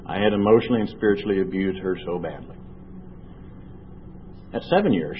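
A man telling his recovery story to an audience, earnest and storytelling, slowing down and weighing his words at the heavy moments. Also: sits low. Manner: earnest storytelling, slow and heavy at emotional points. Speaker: recovery speaker. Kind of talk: personal testimony talk. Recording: dull lo-fi recording with faint noise.

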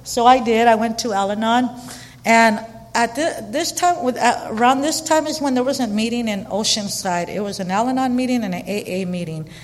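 A middle-aged woman candidly telling her own life story, chatty and animated with lots of fillers. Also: fairly high pitch, moderate pace. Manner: chatty and animated, frequent fillers and quoted dialogue. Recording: long reverberant hall.

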